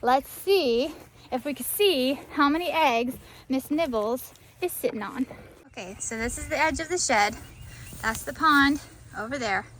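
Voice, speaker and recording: A high-pitched woman with a drawl, talking outside on her farm and half-shouting into her phone so she carries without a mic. Faint animal sounds sit in the background. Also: unhurried, a little hiss or hum. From Florida. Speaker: farm vlogger. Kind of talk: casual vlog narration. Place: outdoors on a farm. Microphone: phone camera, no external mic.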